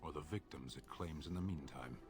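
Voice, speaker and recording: An actor playing a huge, stern warrior in a video game, who speaks bluntly and judges coldly. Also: male voice, rumbling low, a little fast, a little mellow, husky, faint music behind. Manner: blunt, clipped, judging.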